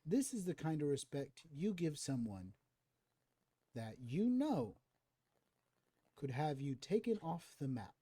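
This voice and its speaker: A hulking monster with a put-on Irish accent rumbles each word slowly, looming and quietly threatening, as a man plays him. The voice is husky and dry, close to the mic. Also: big pitch swings, dry recording, full character voice. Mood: menacing. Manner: slow, looming, menacing. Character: huge male Irish bear-like monster leader, menacing.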